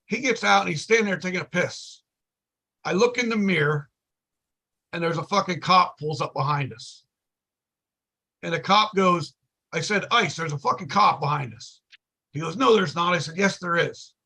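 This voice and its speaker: Gravelly, bright-voiced man telling a story. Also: high voice, moderate pace, long pauses. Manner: profane, animated storyteller, acts out quotes. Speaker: podcast guest. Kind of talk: casual storytelling chat.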